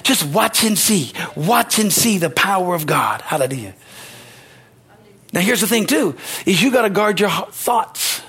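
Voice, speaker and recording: A male pastor delivering an emphatic sermon, his voice pitched high with a husky, breathy edge. He repeats lines for emphasis and drops in amens and hallelujahs, building to ringing exclamations. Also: sing-song, unhurried, fairly bright tone. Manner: emphatic preaching with rising exclamations.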